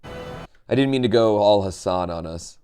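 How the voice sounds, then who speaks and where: A man's voice: lowish voice, measured pace, mellow, faint music behind. A man streaming live, chatting casually and animatedly to his chat, swearing and going off on tangents.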